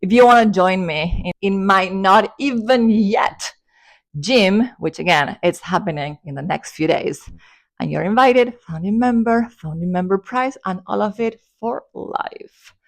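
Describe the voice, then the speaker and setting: An excited woman giving a motivational spiritual vlog talk, breathless and gushing. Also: medium pitch, a little slow. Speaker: spiritual vlogger.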